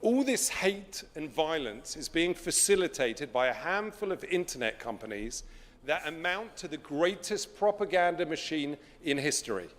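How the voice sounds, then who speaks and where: A man delivering a formal prepared speech, deliberate and emphatic, with dramatic pauses. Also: on the high side, lively intonation, big-room sound. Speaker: speaker.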